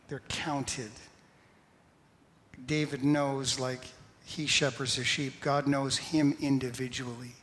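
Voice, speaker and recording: Slow, measured male pastor preaching. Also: mid-range voice, a bit bright. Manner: slow, measured preaching with a self-deprecating laugh. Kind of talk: sermon. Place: church sanctuary. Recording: long hall reverb.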